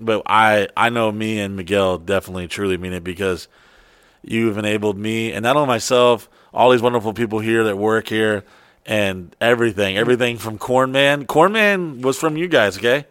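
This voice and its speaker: A man's voice: lowish voice, moderate pace, a bit bright, clear, resonant tone, dry recording, studio quality. A man co-hosting a podcast, telling stories in a loose, profane way and slipping into mock voices. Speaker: podcast co-host. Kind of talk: casual podcast chat.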